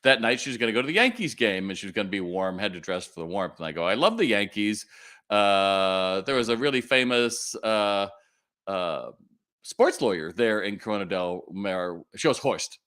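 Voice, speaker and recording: Animated middle-aged man hosting a live Q&A. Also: fairly low pitch. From California. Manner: animated, quick asides and audience calls to respond. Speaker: retail consultant hosting a live Q&A. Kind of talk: live-stream Q&A talk.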